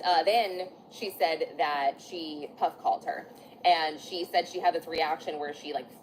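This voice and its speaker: Lowish-voiced woman recapping casually. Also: a little mellow, slight background noise, poor audio. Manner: chatty, full of fillers and restarts, apologizes for slips. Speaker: vlogger recapping court testimony. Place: outdoors in bright sun.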